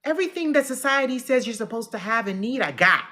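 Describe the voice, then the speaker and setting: A middle-aged woman giving herself an emotional pep talk in a personal vlog. She talks to herself earnestly and swings from loud declarations to hushed, quiet lines. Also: a little high, animated, quick pace. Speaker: vlogger.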